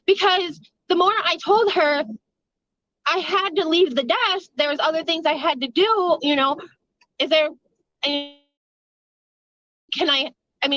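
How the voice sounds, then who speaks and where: A woman's voice: very high voice, expressive, takes it slowly, pauses often, bright, forceful tone, muffled recording. A woman telling a casual storytime about a night at work, rambling, swearing and laughing often.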